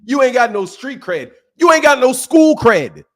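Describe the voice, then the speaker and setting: A middle-aged man hosting a boxing channel, ranting and mocking his critics with heavy profanity, swinging between loud and soft. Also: extremely high pitch, very animated, moderate pace. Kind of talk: ranting commentary.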